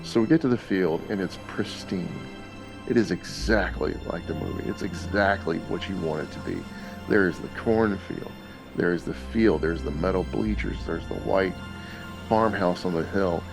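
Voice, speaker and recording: A man casually telling lively anecdotes on a podcast, laughing often. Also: sits low, moderate pace, gravelly, music in the background. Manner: animated storyteller, laughs often. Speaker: podcast guest dad. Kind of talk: casual storytelling.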